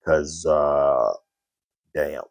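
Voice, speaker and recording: Brief: male TV reviewer with a low voice, relaxed recap full of fillers, dry close sound. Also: very slow, gravelly, no echo. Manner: loose recap with frequent fillers, retelling scenes in quoted dialogue. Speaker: TV episode reviewer. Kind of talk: casual spoken review.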